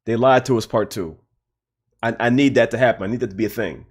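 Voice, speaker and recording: A man's voice: mid-range voice, fast, slightly rough. Streamer host, male, casual and fired up, repeats lines for emphasis, swears a lot. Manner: repetitive, heated, swearing, laughing. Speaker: livestream host. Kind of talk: casual livestream rant.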